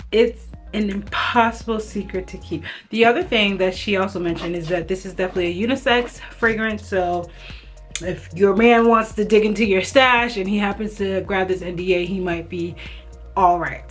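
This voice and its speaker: A woman beauty vlogger giving a casual, enthusiastic product review, chatting directly to her viewers. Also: mid-range voice.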